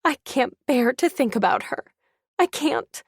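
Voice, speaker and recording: A woman's voice: high voice, very animated, a little slow, gravelly, breathy edge, no room sound, clean studio sound, voice pushed up, heavily acted. A woman voicing a dying mother who screams and cries in bitter despair, in an audiobook. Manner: screaming, anguished. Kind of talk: audiobook character voice.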